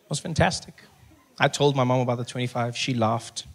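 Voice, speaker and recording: A young man with a South African accent doing animated stand-up comedy on stage, telling stories with playful voices. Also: mid-range voice, brisk. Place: live venue with audience.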